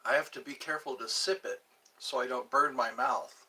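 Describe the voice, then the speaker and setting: Man, solo vlog host, unhurried rambling chat, bright tone, set back from the mic. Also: mid-range voice, steady tone. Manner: rambling, musing aloud, drifts between topics. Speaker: channel host. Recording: voice a bit far from the mic.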